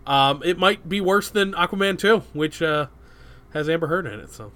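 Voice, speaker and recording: Bright-voiced podcast co-host. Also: male voice, a little high, normal speed. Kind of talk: casual chat.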